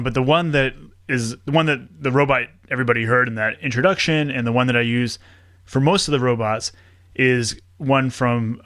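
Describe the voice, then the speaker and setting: A man of middle pitch talking casually as a podcast guest, chatty and quick to laugh as he explains things. His voice is close and dry, with no room around it. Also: fairly bright tone, no room sound. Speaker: podcast producer and host, guest. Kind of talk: casual interview chat.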